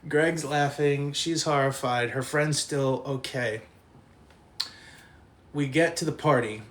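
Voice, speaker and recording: A man's voice: mid-range voice, slow pace, fairly bright tone. A man telling a rowdy anecdote in casual talk, laughing often and swearing freely.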